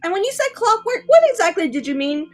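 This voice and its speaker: A woman's voice: very high-pitched, fast talker. A woman voicing a chatty, flirty female adventurer who gushes over things. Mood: gushing. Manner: lively, gushing.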